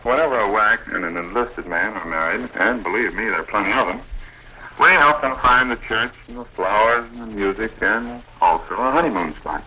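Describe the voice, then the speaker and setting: Speaking at a moderate pace, the man's low-leaning voice sounds pushed and bright, with a little hiss or hum on a low-quality recording. He's an American Red Cross program director answering questions about his club on a scripted 1940s radio program, delivering his prepared lines steadily and proudly.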